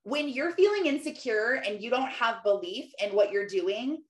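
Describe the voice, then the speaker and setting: A woman's voice: on the high side, lively intonation, moderate pace. A woman in her thirties chatting casually about faith and family, rambling and filling her talk with "like". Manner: chatty, rambling, lots of "like" fillers. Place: home office. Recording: roomy echo.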